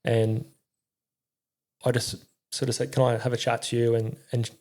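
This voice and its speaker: A young man speaks in a gravelly, mellow voice with little rise and fall. He tells his story candidly in an interview. His speech is halting and full of fillers, with frequent swearing. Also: mid-range voice, flat delivery. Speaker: podcast guest, army veteran.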